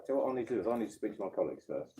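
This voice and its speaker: A man with a very husky, dark voice who answers quickly in short, guarded replies. He speaks at a rapid clip, keeping his words careful. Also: lowish voice, animated. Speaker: council officer.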